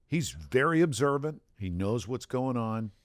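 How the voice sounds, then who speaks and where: A man co-hosting a podcast, offering measured, complimentary remarks in casual chat. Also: medium pitch, animated, no room sound, studio quality. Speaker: podcast co-host.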